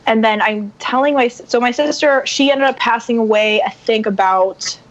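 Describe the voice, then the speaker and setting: A woman guest on a podcast telling a personal story in casual chat, animated and acting out the voices of people she quotes. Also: fairly high pitch, moderate pace. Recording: muffled lo-fi sound.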